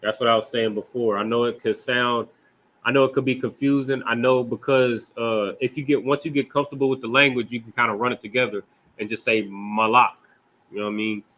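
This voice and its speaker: A man with an American accent teaches a scripture language class in a relaxed, conversational way. His voice sits at an ordinary middle pitch. He keeps asking "right?" and slows down to pronounce words carefully. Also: rough recording. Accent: American English. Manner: loose, conversational, with frequent "right?" and "you know what I mean?".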